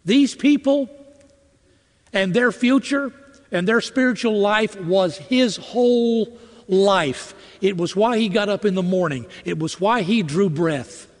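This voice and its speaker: A man with a high, light voice preaches with earnest feeling, repeating phrases as he drives his point home. His words ring out with a long reverb, as if spoken in a large hall. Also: slow pace. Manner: earnest, rising to impassioned emphasis, with repetitions. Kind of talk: sermon.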